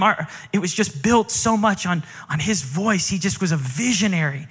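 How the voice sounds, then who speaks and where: A man in his thirties delivers a storytelling sermon in a high, bright voice, acting out each exchange with climbing intensity. His words ring out with a long reverb tail from a large church auditorium. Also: normal speed, hardly any pauses, husky, faint music behind. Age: 30s. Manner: animated, acts out quoted dialogue, pitch climbs with emotion. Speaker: guest preacher.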